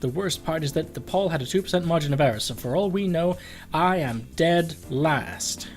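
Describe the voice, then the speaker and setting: A man's voice: on the high side, expressive, moderate pace, soft background music, natural voice. A man voicing a fretful, polite old cat candidate with a posh English butler's voice. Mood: gloomy. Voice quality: posh, plummy.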